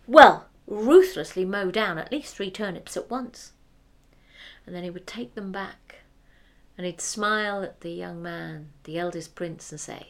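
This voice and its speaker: A woman telling a fairy tale aloud, expressive, dropping to whispers for effect. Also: mid-range voice, measured pace. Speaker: storyteller. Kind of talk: oral fairy-tale storytelling.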